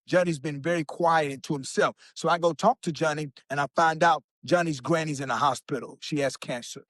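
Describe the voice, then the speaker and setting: Man, animated podcast guest storyteller, a higher voice, recorded dry. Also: no echo. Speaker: guest speaker.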